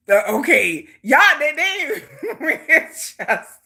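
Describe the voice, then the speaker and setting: Bubbly high-voiced woman livestreamer. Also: slow pace, gravelly. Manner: animated, laughs often, playful gossiping. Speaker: livestream host. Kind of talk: casual storytelling chat.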